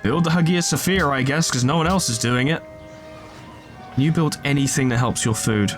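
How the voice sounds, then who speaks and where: A gaming video host with a medium-pitched voice commentates his strategy game at a moderate pace in a casual let's play, joking, swearing, and talking to his units. Soft music plays underneath.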